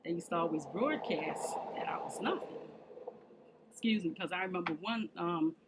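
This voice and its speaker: A woman's voice: fairly low pitch, moderate pace, very noisy. A woman vlogging in a casual monologue, speaking emphatically and repeating her points straight at the viewer, with informal fillers. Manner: informal, with fillers and short laughs.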